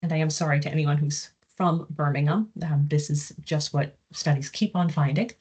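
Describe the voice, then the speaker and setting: Husky low-voiced woman lecturing. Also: fairly even intonation, a little mellow. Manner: measured, explanatory, with frequent "um" fillers. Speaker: psychology professor giving a research talk. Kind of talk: academic presentation.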